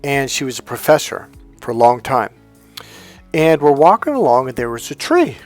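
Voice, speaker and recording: A man's voice: medium pitch, big pitch swings, moderate pace, soft background music. A middle-aged man coaching in a spontaneous, emphatic monologue, acting out the dialogue in his stories. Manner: emphatic, storytelling, acts out quoted dialogue. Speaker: self-help coach.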